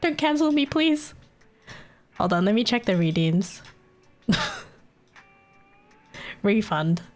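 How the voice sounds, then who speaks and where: A woman's voice: mid-range voice, sing-song, slow, darkish tone. An Australian woman chatting casually on a live stream, giggling constantly and swearing freely. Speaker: livestreamer.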